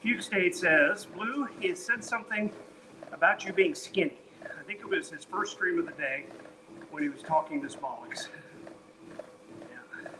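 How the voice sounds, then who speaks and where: A man's voice: high voice, normal speed, long pauses, noisy background. A man streaming while he walks on a treadmill, tired and sweaty, reading chat messages aloud and joking between workout stats. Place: home, on a treadmill.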